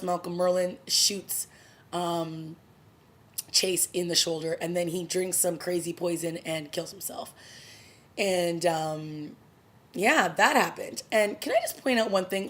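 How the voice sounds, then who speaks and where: A woman casually recapping and reviewing a TV episode, chatty and opinionated, with bits of laughter. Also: on the low side. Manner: chatty, opinionated, laughs while retelling scenes. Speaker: TV review vlogger.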